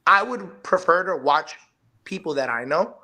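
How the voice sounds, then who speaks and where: A man with a slightly high voice and lively intonation speaks at a measured pace in a sharp tone. He's a professional wrestler appearing as the guest on a live online interview show, delivering his lines with emphatic hype. It's a podcast interview.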